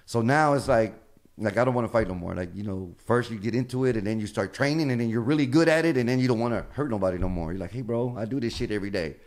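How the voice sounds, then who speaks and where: A male comedian rattles off stories at a quick clip, his voice sitting in an ordinary middle range. He acts out what people said and swears freely, keeping the talk loose and casual. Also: mid-range voice. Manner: animated, acts out quoted dialogue, swears freely. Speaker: comedian guest. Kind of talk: casual storytelling.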